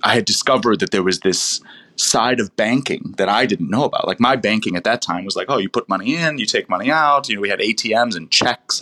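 A man's voice: fairly low pitch, fairly bright tone. Rambling American man telling stories. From United States. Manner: rambling, self-interrupting storyteller with many fillers. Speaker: guest, wine professional. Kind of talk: casual storytelling interview.

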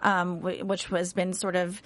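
A woman's voice: on the low side, completely flat delivery, a little slow, no room sound. A young adult woman co-hosting a casual TV recap show, chatty and hesitant, with many fillers and restarts. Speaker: co-host.

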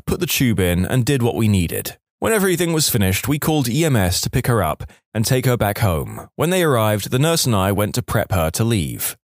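Brief: male story reader, lively wry delivery, dry close-mic sound. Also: medium pitch, no room sound. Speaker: narrator. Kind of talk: reading online stories aloud.

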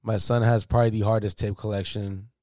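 A man's voice: on the low side, brisk, no room sound, studio quality. A man co-hosting a casual podcast, telling a story with lots of slang and swearing and acting out the voices of other people. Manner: animated storyteller, acts out quoted voices loudly. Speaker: podcast co-host. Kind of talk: casual chat.

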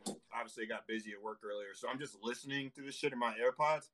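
A man's voice: medium pitch, racing, fairly bright tone, poor audio. A man in casual chat, laid-back and profane as he tells a story. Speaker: podcast co-host.

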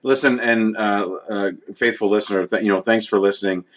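Canadian male guest, lower register, deadpan rambling comic delivery. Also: fairly quick, crowd noise. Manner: deadpan, rambling with many fillers. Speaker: podcast guest. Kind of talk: comic mock apology bit. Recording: ambient room sound.

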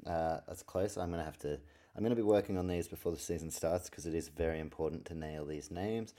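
Late at night in his room, a male podcast host does casual solo sports talk, rambling, cursing often, and getting easily sidetracked. He speaks a little fast in a low-sitting, dark voice.

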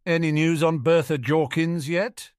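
A man's voice: on the high side, fairly even intonation, unhurried, clean tone, no room sound, studio quality, voice pushed up, natural voice. A man voicing a kindly middle-aged father who asks things tentatively.

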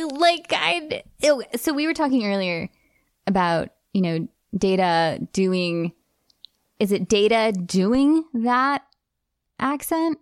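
A woman co-hosting a casual podcast chat, animated and explaining speech by acting out voices. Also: mid-range voice, no room sound, studio quality. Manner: animated, demonstrates accents and voices while explaining; chatty, with many restarts and fillers. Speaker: podcast co-host.

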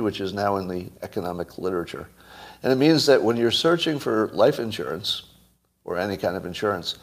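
A man hosting a solo commentary monologue, blunt, sarcastic and emphatic. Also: lowish voice. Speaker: host.

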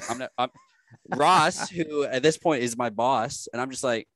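A man's voice: medium pitch, moderate pace, no room sound. A man co-hosting a sports podcast, telling stories with energy and laughing often. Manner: animated storyteller, laughs often. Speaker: sports reporter co-host. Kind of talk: casual sports chat.

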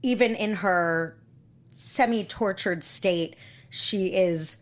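A woman's voice: medium pitch, slow pace. A woman co-hosting a podcast, giving thoughtful analysis of a TV episode in casual chat. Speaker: podcast co-host.

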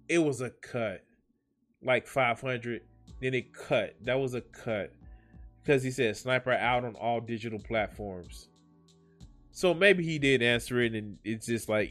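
A man's voice: medium pitch, fairly bright tone. A man hosting a reaction video, rambling and swearing in casual commentary. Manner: rambling, swearing, self-mocking.

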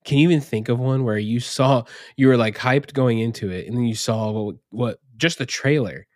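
A man's voice: mid-range voice, moderate pace, a little mellow, dry recording, studio quality. A man co-hosting a gaming podcast, rambling and swearing casually, laughing often between thoughts. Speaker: podcast co-host. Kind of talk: casual chat.

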